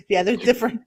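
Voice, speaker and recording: Slow-talking woman co-host chiming in. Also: medium pitch. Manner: laughing, chiming in with short remarks. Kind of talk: casual chat.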